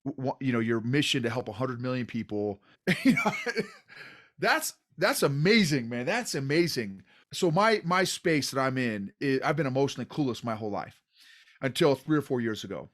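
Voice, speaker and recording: A man's voice: mid-range voice, big pitch swings, normal speed, a bit bright. Laughing, eager podcast host man. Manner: eager and laughing often, loose and informal. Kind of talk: casual interview chat.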